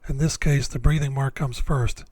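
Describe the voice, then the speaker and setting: Man, scripted lesson narration, measured and deliberate, mid-pitched voice, dry close sound. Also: fairly even intonation, a little mellow, breathy edge, dry recording. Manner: slow, deliberate, measured explanations. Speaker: Bible language teacher.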